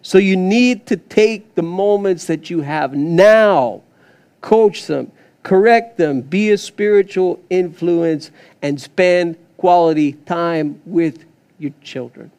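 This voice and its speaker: A man preaching a sermon as pastor, telling a story in an animated, rambling way with many fillers and restarts. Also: sits high, slow.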